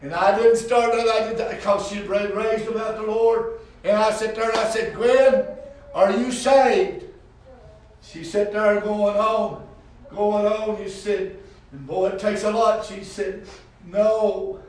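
A man, a pastor preaching and telling folksy testimony stories that rise into shouts. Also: high-pitched, fairly even intonation, a little slow, far from the mic. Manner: folksy storytelling, rising to shouts. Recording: echoey room heard from afar.

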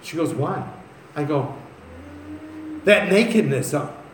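A man delivers a sermon at an unhurried pace, moving between scripture and conversational stories. His voice sits a little high for a man. The room adds a noticeable echo, with a faint ambient noise behind him. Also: animated. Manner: conversational, reads scripture then tells stories. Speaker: preacher.

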